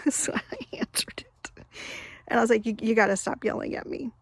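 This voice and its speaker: A woman's voice: on the high side, moderate pace, breathy edge, dry recording, in a whisper, studio quality. A woman in her fifties telling a personal story in a candid, rambling way, often restarting her sentences. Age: 50s. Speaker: vlogger. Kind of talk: confessional storytelling.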